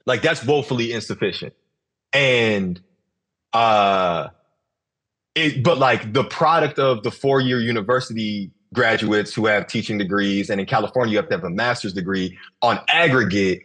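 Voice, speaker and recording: A man's voice: fairly low pitch, fairly bright tone, breathy edge. A man hosting a podcast in casual conversation, speaking reflectively and often restarting and repeating phrases as he thinks. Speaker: podcast host.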